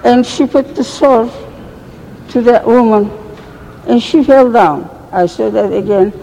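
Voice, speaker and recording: An older woman giving an oral history account as a survivor, speaking halting, broken English with frequent restarts. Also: a little high, vocal fry, warm tone. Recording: reverberant room, faint background noise.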